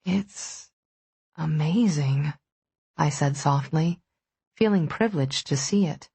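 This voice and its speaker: A woman narrating a first-person romance audiobook in a steady, intimate storytelling manner. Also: low-pitched, moderate pace, breathy edge, no echo.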